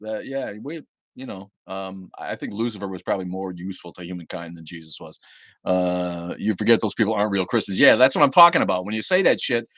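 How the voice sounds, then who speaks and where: A man's voice: sits low, a little fast, bright, forceful tone, no room sound. Angry profane man ranting on a livestream. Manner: heated, profane, repeats and restarts words. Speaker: livestream host. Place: home livestream setup.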